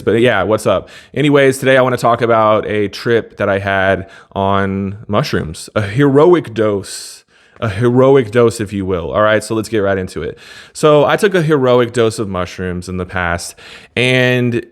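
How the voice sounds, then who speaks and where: Young dude rambling thru a story, lowish voice, laid-back, keeps cutting himself off. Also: male voice. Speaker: vlogger. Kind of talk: casual monologue to camera.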